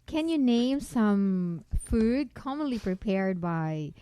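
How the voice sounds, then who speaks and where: A woman's voice: medium pitch, expressive, takes it slowly, mellow, clean tone, no echo. A woman co-hosting a community radio show, asking questions and leading each segment. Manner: asks questions and leads the segments. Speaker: radio co-host. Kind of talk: radio chat.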